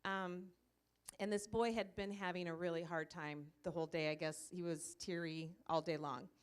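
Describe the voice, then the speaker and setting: A woman with a lowish, steady voice speaks at a moderate pace, her tone clean. She leads a church ministry and is presenting a comfort dog, telling a story to a live audience in a church meeting room. The talk is informal, loose and chatty, full of fillers.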